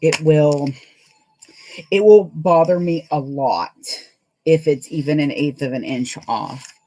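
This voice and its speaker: A woman with a somewhat low voice chats on a sewing livestream. She rambles from one thought to the next and laughs often as she works. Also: slow, warm tone, a little hiss or hum, low-quality recording. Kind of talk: casual chat while sewing live.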